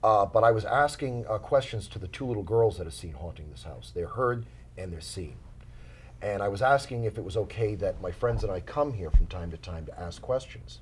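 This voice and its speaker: A man's voice: lowish voice, animated, a little fast, slight background noise. A man, a paranormal investigator guest in a small studio, telling his stories in a casual interview with many fillers and restarts.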